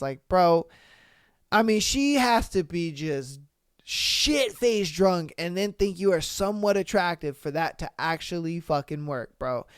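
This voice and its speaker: A man hosting a podcast, reading listener posts and reacting in a slangy, profane, animated way. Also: high voice, unhurried, clear, resonant tone, no room sound, studio quality. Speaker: podcast host.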